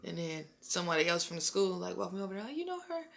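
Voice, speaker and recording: A woman's voice: lowish voice, steady tone, racing, gravelly. A young woman from East Oakland, a rapper, telling personal stories loosely, full of fillers, acting out quotes. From East Oakland, California. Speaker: rapper interviewed in a documentary. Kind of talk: casual personal storytelling.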